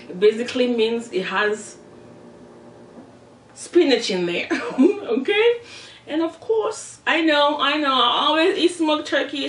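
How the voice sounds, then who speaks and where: A woman with a Nigerian Yoruba accent hosts a mukbang, chatting casually and playfully straight to her viewers as she eats. Her voice is on the high side and off-mic, recorded from a distance in a roomy, echoey space with a little hiss or hum.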